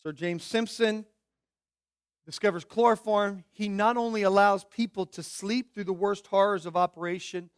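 A man preaches a sermon in a high, bright-sitting voice. He drops to quiet, earnest pleading, then builds to loud, emphatic declarations. The sound is dry and close, with no room echo. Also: steady tone, normal speed, smooth.

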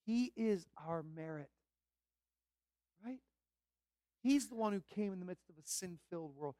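A man preaching a sermon as pastor, fervent and emphatic, building to loud repeated declarations. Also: on the high side, normal speed, dry recording, clean studio sound.

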